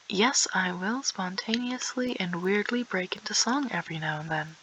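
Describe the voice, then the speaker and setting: A woman's voice: medium pitch, moderate pace, few pauses, a bit bright, breathy edge, muffled recording. A teenage girl chatting casually and rambling while playing a game, sometimes dropping to a whisper or breaking into song. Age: teens. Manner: rambling, self-aware, drifts into whispers and song. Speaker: gaming streamer. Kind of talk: casual gameplay chat.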